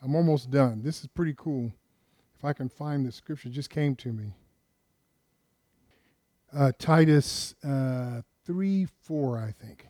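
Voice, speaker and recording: A man's voice: mid-range voice, a little slow, long pauses, warm tone, no room sound. Emphatic preaching man, dry close sound. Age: older. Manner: emphatic, asks the congregation many questions. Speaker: pastor. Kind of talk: sermon.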